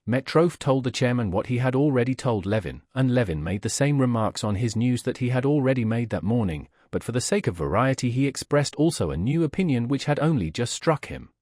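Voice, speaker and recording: Audiobook narrator, man, husky voice, lively pitch, dry close recording. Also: brisk, few pauses, dry recording. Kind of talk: scripted narration of a classic novel.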